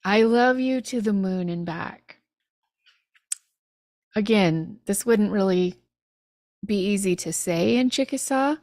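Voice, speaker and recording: Woman teaching language phrases on a live stream, slow easy talk, chatty, dry close sound. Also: mid-range voice, darkish tone, no room sound. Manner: chatty, laughs at literal meanings.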